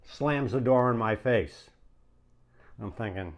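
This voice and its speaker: A man's voice: medium pitch, extremely slow. Chuckling man telling a landlord story. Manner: casual, chuckling, conversational. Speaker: landlord and real estate investor. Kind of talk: anecdotal storytelling.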